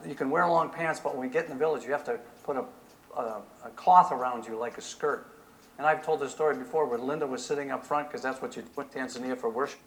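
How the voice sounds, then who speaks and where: Animated preacher asking his church questions. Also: medium pitch, a little hiss or hum, low-quality recording. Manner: animated, asks the congregation rhetorical questions. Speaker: pastor. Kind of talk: sermon.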